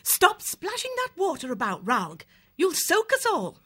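Storybook mouse mum: man doing a bright, high, fussing mother mouse with a lively lilt. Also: a little slow, full character voice. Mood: scolding. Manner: fussy, scolding. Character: fretful harvest mouse mother.

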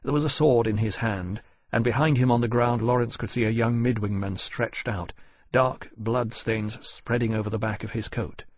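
A man narrating an audiobook in a measured, dramatic way. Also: mid-range voice, steady tone, slightly rough, dry recording. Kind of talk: scripted narration.

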